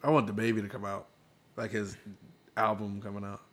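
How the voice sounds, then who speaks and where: A man's voice: fairly low pitch, little pitch movement, fairly quick, a bit bright. A man on a podcast making short, laid-back remarks in casual chat.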